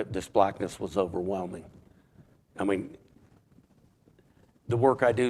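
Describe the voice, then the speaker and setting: A man telling his personal testimony in a halting way, stumbling over words and repeating them as he searches for what to say. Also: lowish voice, a little mellow, slight background noise. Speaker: church member giving a testimony.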